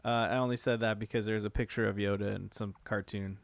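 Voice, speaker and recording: A man's voice: on the low side, flat delivery, brisk, creaky, no echo. A man hosting a casual podcast chat, laid-back, laughing often and swearing freely. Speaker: podcast host.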